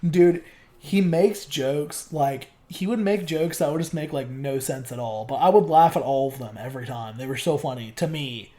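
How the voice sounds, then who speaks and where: A young man chatting casually as a guest on a podcast. He rambles and fills his speech with "like" and swearing, in a voice a little higher than most men's. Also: normal speed, mellow. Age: young adult. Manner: rambling, loaded with fillers like "like" and swearing. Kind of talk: casual chat.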